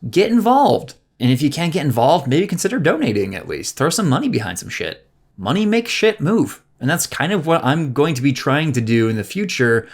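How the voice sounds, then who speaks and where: A man co-hosting a podcast, talking bluntly and with a lot of profanity in casual political chat. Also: mid-range voice. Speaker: podcast co-host.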